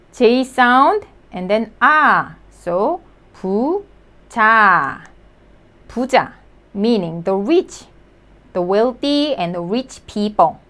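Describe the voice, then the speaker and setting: Woman, language teacher, slow deliberate delivery, sounds out syllables and repeats words, animated pitch. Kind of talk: slow, clear vocabulary lesson.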